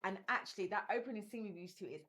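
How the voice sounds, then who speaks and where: A woman's voice: mid-range voice, very fast. A woman chatting casually on a podcast about a reality show she is in, talking in long run-on stretches and often asking "do you know what I mean". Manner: chatty, animated when quoting others. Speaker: reality show cast member.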